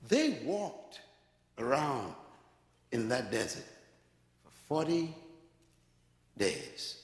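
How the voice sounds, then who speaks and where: A man's voice: medium pitch, very slow. A man preaching a sermon, telling stories with laughs and sudden calls to his listeners. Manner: animated storytelling preacher with laughs and call-outs. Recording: echoey hall.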